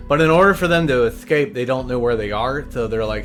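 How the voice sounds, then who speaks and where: Man, comedic recap host, deadpan rambler with side stories, mid-range voice. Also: medium pitch, quick pace, few pauses, soft background music. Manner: deadpan, meandering storytelling with asides.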